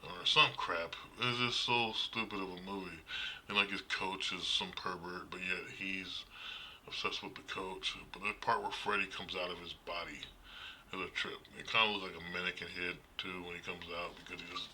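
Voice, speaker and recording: A man giving a casual, rambling horror movie review, blunt and quick to laugh, with plenty of fillers. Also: sits low, fairly even intonation, bright, forceful tone, a little hiss or hum, low-quality recording.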